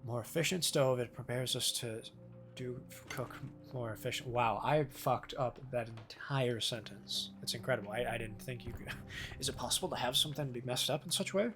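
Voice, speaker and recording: A man's voice: mid-range voice, normal speed, music in the background. A man casually chatting with viewers while he plays a game on a live stream, rambling and poking fun at himself. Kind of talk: casual live gameplay commentary.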